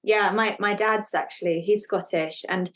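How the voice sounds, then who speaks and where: A woman's voice: medium pitch, fairly even intonation, moderate pace. A woman hosting a podcast, chatting casually and sharing personal experiences while affirming her guest. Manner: warm listener, frequent affirming murmurs.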